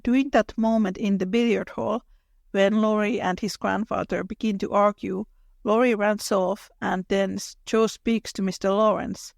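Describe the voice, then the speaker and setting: A woman's voice: mid-range voice, fairly even intonation, normal speed, vocal fry, no room sound, clean studio sound. A woman co-hosting a podcast, thoughtfully adding details from the book in casual chat. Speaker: podcast co-host.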